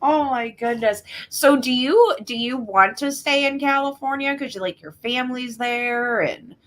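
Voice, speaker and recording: A woman's voice: high voice, unhurried, a bit bright. Woman co-host, loose chatty delivery, trails off and restarts often. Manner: rambling, many restarts and "like"s. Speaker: podcast co-host. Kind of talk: casual chat.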